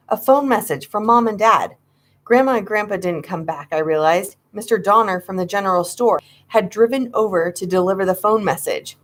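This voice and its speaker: A woman's voice: medium pitch, normal speed. A woman narrating a children's horror story, reading with dramatic suspense. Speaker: audiobook reader.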